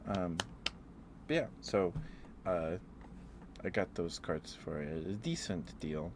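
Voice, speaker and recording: A man streaming ASMR from home, chatting softly and giggling as he greets viewers by name, close to the mic. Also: sits low, takes it slowly, noisy background. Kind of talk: soft-spoken ASMR live stream chat.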